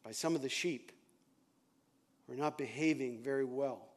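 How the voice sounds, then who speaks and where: A man's voice: mid-range voice, normal speed. A male pastor giving a sermon in an emphatic, repetitive way, often chuckling.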